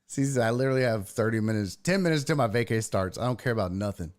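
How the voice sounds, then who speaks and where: Animated, foul-mouthed male sports host. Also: lowish voice, fast, hardly any pauses. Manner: profane, reads chat comments aloud and answers them. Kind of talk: casual livestream sports talk.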